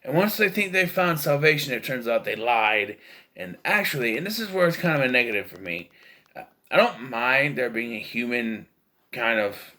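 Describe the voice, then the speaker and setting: A man's voice: medium pitch, pushed and bright. A man giving a casual, rambling, opinionated film review, full of fillers and restarts. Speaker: movie reviewer.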